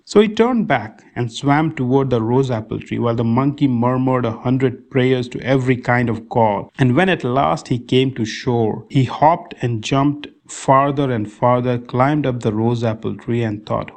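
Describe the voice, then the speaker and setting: A man reading a folk tale aloud as a podcast storyteller, in a measured, steady way. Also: medium pitch.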